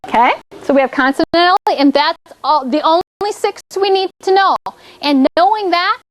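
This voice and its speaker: Woman, elementary teacher, very high voice, encouraging classroom delivery, checks in constantly. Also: moderate pace. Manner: encouraging, checks in with "okay?" often. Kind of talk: classroom spelling lesson.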